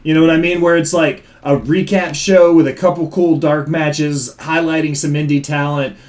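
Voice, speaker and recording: Brief: Tennessee man with a Southern drawl, raised pitch, loud enthusiastic co-host. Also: fairly even intonation, moderate pace. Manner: boisterous, profane, enthusiastic. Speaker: podcast co-host. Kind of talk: casual podcast chat.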